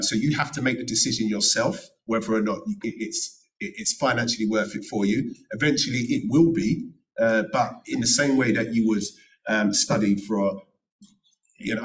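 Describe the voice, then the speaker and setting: A man's voice: mid-range voice, fairly bright tone, distant mic, low-quality recording. A middle-aged man speaking on a panel at a careers event, giving earnest, emphatic advice and repeating key phrases. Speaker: panel speaker, notary and former solicitor. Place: event room.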